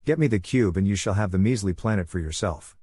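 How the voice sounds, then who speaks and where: A man voicing a mighty, smug male alien warlord in a fan story reading, low-pitched and dry. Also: quick pace, mellow, slightly rough, no echo. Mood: commanding. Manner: smug, commanding.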